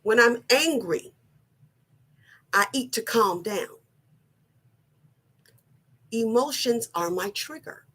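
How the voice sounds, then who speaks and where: A middle-aged woman giving a personal motivational talk, slow, earnest and deliberate, often repeating her phrasing. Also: on the high side, expressive, fairly bright tone, husky. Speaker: wellness vlogger.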